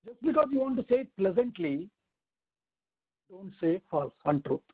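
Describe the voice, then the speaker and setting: A man's voice: high voice, big pitch swings, slightly rough. Man teaching over a tinny line. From India. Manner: explains step by step, asking rhetorical questions and reciting Sanskrit verses slowly. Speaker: teacher of a scripture class. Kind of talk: weekly online scripture lesson.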